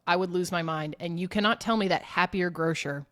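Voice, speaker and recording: A young woman with a Southern US accent and a somewhat low voice, chatting on a podcast. She talks in a bubbly, gossipy way, piling quick asides onto her stories. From Georgia, US. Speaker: co-host. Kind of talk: casual podcast chat.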